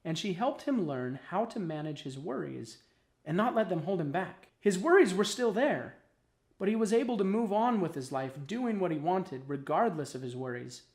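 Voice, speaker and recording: A male storyteller reads a children's tale with lots of expression. His pitch swings widely through each sentence. He leans into dramatic pauses. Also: expressive, a little mellow. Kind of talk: storybook narration.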